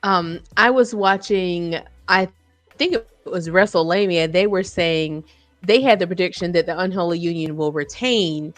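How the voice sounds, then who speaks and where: A woman co-hosting a casual wrestling podcast, chatting in a lively, playful way. Her voice sits a little low and sounds dry and close to the mic. Faint music plays quietly underneath. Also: normal speed, dry recording. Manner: lively, playful, laughs often. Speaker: podcast co-host.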